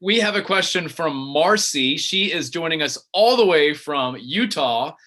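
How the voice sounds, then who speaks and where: A man hosting a book event interview, asking long, rambling questions with quick asides. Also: fairly high pitch, lively intonation, very noisy.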